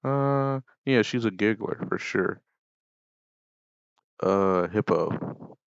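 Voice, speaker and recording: Low, gravelly young man rambling. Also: extremely slow, no echo. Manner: rambling, offhand, deadpan asides. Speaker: YouTuber. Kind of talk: casual commentary vlog. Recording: dull lo-fi mic.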